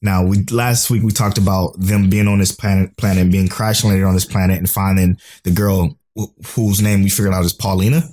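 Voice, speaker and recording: A young man with a lowish voice co-hosts a podcast in casual chat. He recaps episodes excitedly, swearing now and then, and piles on quick asides. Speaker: podcast co-host.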